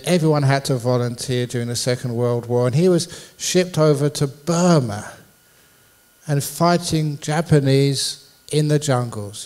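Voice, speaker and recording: A man's voice: mid-range voice, darkish tone. A man, a Buddhist monk, giving a public dharma talk in a university hall, a playful storyteller who jokes with his audience.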